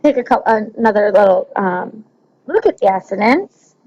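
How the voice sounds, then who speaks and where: A woman's voice: mid-range voice, lively intonation, a little slow, a little mellow. A woman teacher walking students through a recorded lesson, explaining step by step with frequent ums and checking that they follow. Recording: slightly dull lo-fi recording.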